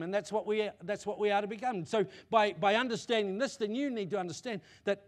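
A male pastor preaching to his congregation, swinging between loud emphatic declarations and quiet asides, often repeating himself and checking that listeners are with him. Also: high-pitched, normal speed, few pauses. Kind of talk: sermon. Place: church.

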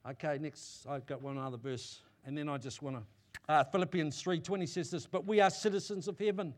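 A male pastor preaching to his congregation, swinging between loud emphatic declarations and quiet asides, often repeating himself and checking that listeners are with him. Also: fairly high pitch, fairly even intonation, fairly quick. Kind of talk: sermon. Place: church.

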